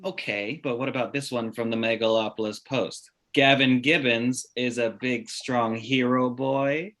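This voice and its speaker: A man's voice: mid-range voice, fairly even intonation, a little slow, fairly bright tone, close to an everyday voice. A man reading a smug, oblivious young billionaire in a comedy table read. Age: late 20s.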